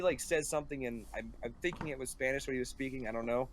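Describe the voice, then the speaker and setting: A young man telling a rambling story in casual chat, full of fillers and animated quotes. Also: medium pitch, fast talker. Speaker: podcast host. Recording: faint background noise.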